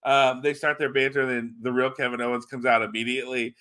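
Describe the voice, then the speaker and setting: A man's voice: mid-range voice, little pitch movement, fast, sharp tone. A man hosting a podcast, casually recapping a show in a rambling, laid-back way with lots of fillers and swearing. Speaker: podcast host reviewing a wrestling show.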